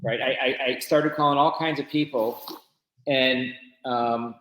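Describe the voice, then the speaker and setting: Animated man telling a story, roomy sound. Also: medium pitch, unhurried. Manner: animated storyteller with shifting loudness. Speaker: business owner guest. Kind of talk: casual podcast storytelling.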